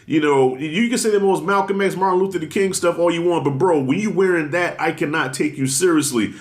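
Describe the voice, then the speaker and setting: Blunt, animated man sounding off in a casual commentary video, with a voice that sits a little high. He pushes hard on his points and leans on slang. The room around him rings with noticeable echo. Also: a little fast. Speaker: commentary vlogger. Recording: roomy echo.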